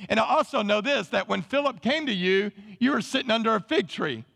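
A man doing a folksy teasing Jesus, high gravelly voice, long church reverb. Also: animated, a little fast, fairly bright tone, heavily acted. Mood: knowing. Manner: folksy drawling paraphrase. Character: Jesus, a male teacher, gently teasing.

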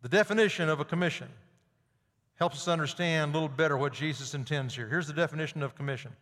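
A man's voice: on the high side, fast talker, a bit bright, big-room sound. A man preaching a sermon as pastor, emphatic and rising sharply on key points.

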